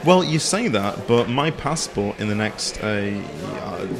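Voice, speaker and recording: A man's voice: lowish voice, sing-song, slow pace, vocal fry, a crowd in the background. A man from England with a northern English accent, chatting as a guest and joking a lot. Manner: joking, laughs often. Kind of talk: casual chat.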